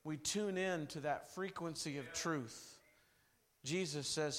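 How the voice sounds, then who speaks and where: A man preaching a revival sermon, telling stories dramatically and swinging from loud bursts to hushed lines. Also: fairly high pitch, slow.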